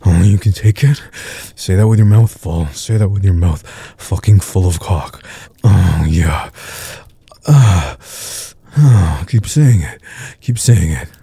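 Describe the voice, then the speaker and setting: A man playing a low, husky dominant lover. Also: lively intonation, slow pace, long pauses, warm tone, no room sound, full character voice. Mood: taunting. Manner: low taunting murmur, many breathy grunts. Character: dominant teasing adult man, commanding. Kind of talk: audio role-play.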